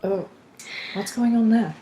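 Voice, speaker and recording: A woman's voice: on the high side, a little slow, warm tone, slight background noise, low-quality recording. A woman playing a tabletop role-play in a playful, laughing manner. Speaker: player.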